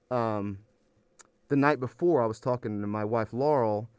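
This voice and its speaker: Man, weary professor, rambling casual interview talk, mid pitch, dry recording. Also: a little mellow, clean tone, no room sound. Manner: rambling, emotional, restarts often. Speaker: anthropology professor, guest.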